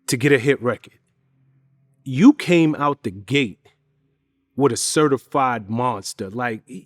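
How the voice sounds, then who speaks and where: A man's voice: fairly high pitch, no room sound, clean studio sound. A male interviewer asking questions casually and piling several questions together. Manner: conversational, stacks up questions.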